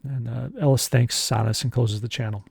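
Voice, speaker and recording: A man's voice: mid-range voice, steady tone, moderate pace, gravelly, darkish tone, slightly rough, dry recording, studio quality. A man narrating a solo tabletop game as game master, casual and meandering with many restarts.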